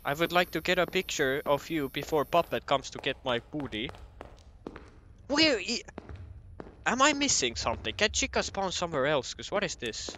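A man's voice: fairly high pitch, a little fast, few pauses, bright, forceful tone, a little hiss or hum. A young man doing casual commentary on a horror game, joking and swearing as he talks to the game characters. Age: young adult. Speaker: gameplay commentator.

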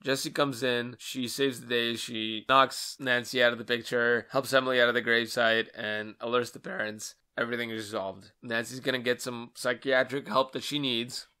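A man co-hosting a podcast in casual book discussion, who retells the plot in an animated way. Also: mid-range voice, moderate pace, few pauses, smooth. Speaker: podcast co-host.

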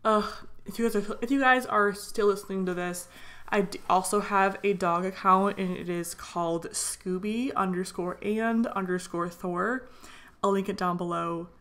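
A tired young woman vlogger in a casual voiceover, rambling excitedly with lots of fillers. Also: mid-range voice, normal speed. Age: young adult. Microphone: voiceover mic.

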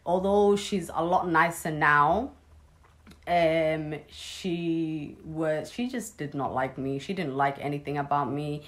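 Young woman doing a storytime vlog, kinda low voice, blunt and sweary, sarcastic. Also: takes it slowly. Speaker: vlogger. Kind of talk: casual storytime.

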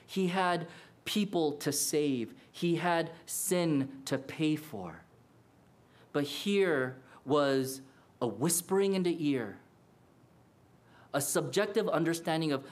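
A man preaching a sermon as pastor, earnest and animated, acting out quoted lines. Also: fairly high pitch.

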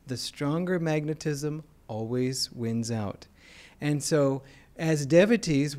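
American man giving a relaxed spiritual talk. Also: on the high side. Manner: conversational, explanatory, with gentle humor. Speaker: spiritual teacher.

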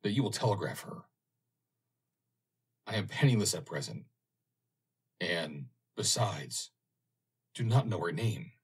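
A man voicing a worn but eager young sailor in an audiobook, speaking haltingly. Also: sits low, big pitch swings, breathy edge, exaggerated voice. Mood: humble.

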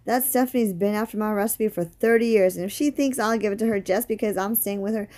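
A woman reading aloud, voicing a spirited older neighbor lady with folksy, lively speech. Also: medium pitch, fast, lightly acted.

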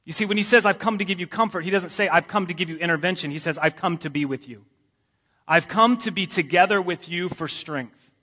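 A pastor delivers a sermon in a church sanctuary, his voice high-pitched, a little fast, sharp in tone, with a breathy edge and a long reverb tail. He talks casually, dropping joking asides, and reads scripture with emphasis.

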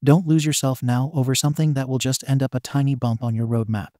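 A man voicing a caring middle-aged father who gives his son steady, reassuring advice. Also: medium pitch, fast talker, no echo, clean studio sound, lightly acted.

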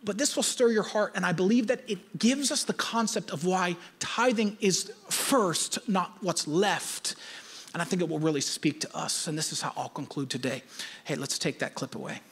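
A man's voice: high-pitched, fairly quick, breathy edge. A male pastor preaching, emphatic and teaching, repeating his key points. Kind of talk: sermon.

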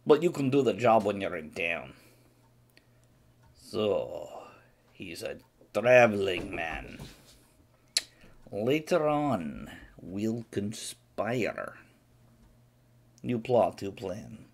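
A man playing a boastful, vodka-loving Russian from Siberia, speaking broken English with a Russian accent in rambling deadpan jokes. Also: on the low side, very slow, gravelly, long pauses, a little hiss or hum, full character voice. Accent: Russian, put on. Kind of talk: comedic character monologue on a live stream.

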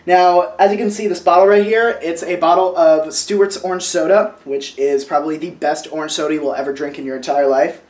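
A man's voice: a little high, steady tone, brisk, few pauses, darkish tone. A man in his twenties, vlogging casually at home, who talks in a rambling, sentimental way with lots of fillers and restarts. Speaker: vlogger showing family artwork. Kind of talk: casual show-and-tell vlog. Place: at home, indoors.

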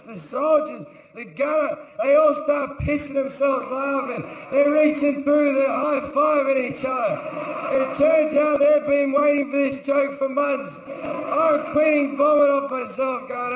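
A man doing stand-up storytelling, sardonic and profane, acting out characters with sudden shouts on a theatre stage. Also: extremely high pitch, fairly even intonation, measured pace, background noise. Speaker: stand-up comedian. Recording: echoey live theatre recording. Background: audience laughter.

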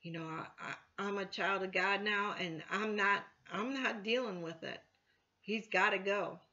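Bright-voiced woman teaching scripture. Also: medium pitch, measured pace, muffled recording. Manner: conversational, many "you know" fillers, rises loudly when quoting scripture. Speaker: church elder teaching scripture. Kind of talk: informal Bible teaching.

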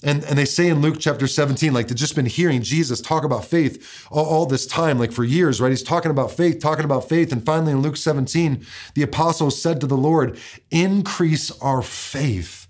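A man preaching a conversational sermon as pastor, with a casual way of talking that often repeats words and restarts, slowing down to stress the verses he quotes. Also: fairly high pitch.

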